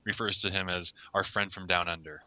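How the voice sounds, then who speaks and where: A man guesting on a podcast as a film reviewer, explaining plots in a measured, hesitant way. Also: low voice, steady tone, crowd noise. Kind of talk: podcast interview. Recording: lo-fi audio.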